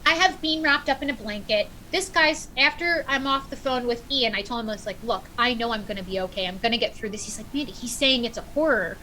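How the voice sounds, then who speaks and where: Bright-voiced woman telling a story. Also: fairly high pitch, quick pace, few pauses, slight background noise, rough recording. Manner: animated storyteller, acts out quotes. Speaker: podcast guest. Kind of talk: casual storytelling.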